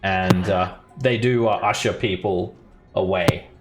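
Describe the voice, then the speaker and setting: A man narrating as game master in a tabletop game, relaxed and halting with fillers. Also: low voice, music in the background.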